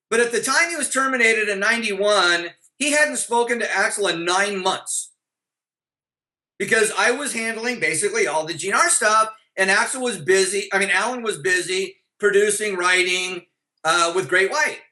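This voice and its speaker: A man's voice: high-pitched, normal speed, pushed and bright, poor audio. A middle-aged man, a former band manager, telling blunt, profane stories in an interview, often restarting his sentences. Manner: blunt and profane, with frequent restarts and acted-out dialogue. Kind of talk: anecdotal storytelling in an interview.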